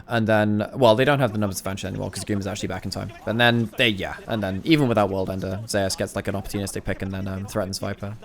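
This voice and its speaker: A man with a somewhat low voice talks through a recorded match as an analyst. His commentary is casual and unscripted, full of quick restarts and the odd mild curse as he works out what went wrong. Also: fairly even intonation. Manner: thinks aloud, rapid restarts, casual swearing. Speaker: esports analyst.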